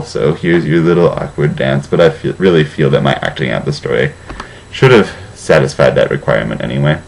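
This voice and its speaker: A man's voice: a bass voice, creaky, rough recording. A young man comically reading a fan fiction aloud, mock-serious, with sarcastic asides.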